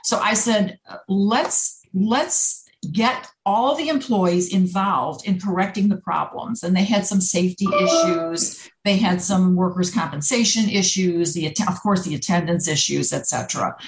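A woman's voice: a little slow, a little hiss or hum. Older woman telling work stories, lots of ums and uhs, room echo. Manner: animated storyteller, acts out quotes in higher pitch. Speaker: HR consultant, guest. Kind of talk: conversational interview. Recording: echoey room.

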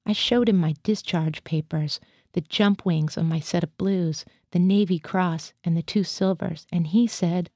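A woman reads a first-person literary story aloud at a steady, measured pace. Her voice is low and mellow, and it is heard close up with a dry sound. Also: no room sound. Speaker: reader. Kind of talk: reading literary fiction aloud.

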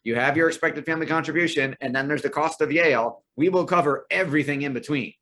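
A man working as a financial aid planner, answering interview questions in a brisk, explanatory way. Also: fairly high pitch, bright, forceful tone, slight background noise. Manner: explanatory, brisk, tells client stories.

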